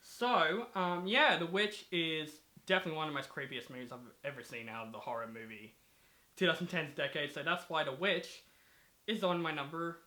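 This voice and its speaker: Brief: enthusiastic man host of a movie chat, fairly high and very bright tone. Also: fairly quick. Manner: rambling, enthusiastic, filler-heavy. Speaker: host of a movie review channel. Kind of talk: casual movie review chat.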